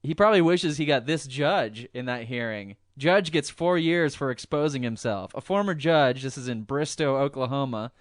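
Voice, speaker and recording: Smooth-voiced man reading news casually. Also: medium pitch, animated, moderate pace, hardly any pauses, no room sound, studio quality. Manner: reads news offhandedly with many ums and chuckles. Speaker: podcast host. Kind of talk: casual podcast chat reading news stories.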